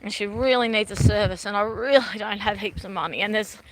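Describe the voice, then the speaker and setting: A woman's voice: medium pitch, a little fast, slight background noise. A middle-aged Australian woman chatting casually on a live stream while she walks outdoors by a river, rambling and often laughing. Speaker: vlogger.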